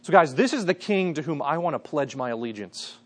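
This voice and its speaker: Earnest man preaching, slightly high voice. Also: animated, fairly quick. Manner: earnest, conversational preaching with frequent "guys". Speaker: pastor. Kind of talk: sermon.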